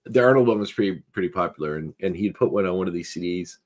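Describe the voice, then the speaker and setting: Chatty, rambling man with a lowish voice. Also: quick pace. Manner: rambling, chatty storyteller with frequent fillers and laughs. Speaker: podcast co-host. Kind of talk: casual chat.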